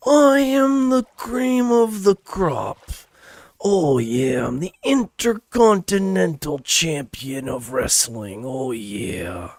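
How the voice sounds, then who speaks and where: Picture a swaggering pro wrestler bragging in a slow, gravelly growl, as a man puts him on. The voice swoops up and down. It is a dry, close recording. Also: on the high side, animated, no echo, voice pushed up, heavily acted. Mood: boastful. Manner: swaggering, boastful. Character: gruff over-the-top male wrestler, boastful.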